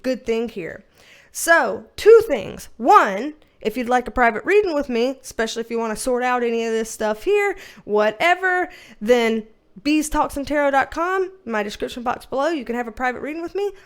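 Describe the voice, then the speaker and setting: Speaking at a moderate pace, a tarot reader with a high, animated voice chats loosely and repetitively with her viewers. It's casual vlog talk, and she slips into baby talk when addressing a puppy.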